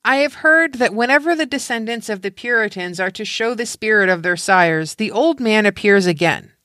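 A woman reads a story aloud with calm, measured pacing. Her tone is bright and clear, and the sound is dry and close. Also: medium pitch, no echo. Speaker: narrator. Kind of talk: literary reading.

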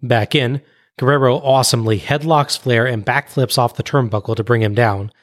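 A man on a podcast recapping a wrestling match blow by blow in a brisk play-by-play recounting. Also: medium pitch, steady tone, dry recording, studio quality. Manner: brisk play-by-play recounting, laughs at own jokes. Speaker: podcast co-host.

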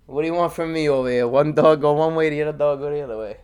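A man doing Fat Tony, gruff mob boss. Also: a little high, rapid-fire, darkish tone, pitched above the performer's own voice, natural voice. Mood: exasperated. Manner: exasperated, pleading. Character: gruff middle-aged male mobster boss.

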